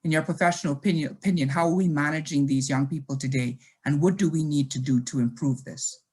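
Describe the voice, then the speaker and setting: A moderator posing questions to panelists in a polite, brisk way. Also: medium pitch, a little mellow, slightly rough.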